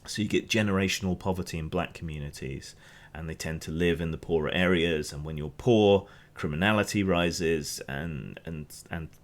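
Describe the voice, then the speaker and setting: Host: Hampshire man, very low voice, loose rambling news commentary, lots of restarts. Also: moderate pace. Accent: Hampshire English. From England. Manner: rambling, restarts often, opinionated.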